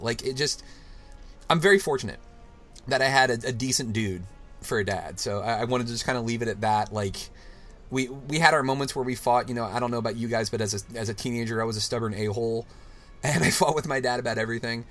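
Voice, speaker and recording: A man's voice: mid-range voice, quick pace, fairly bright tone. A young adult man hosting a podcast, telling heartfelt stories in a rambling, casual way with many restarts. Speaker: podcast host. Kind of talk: casual chat.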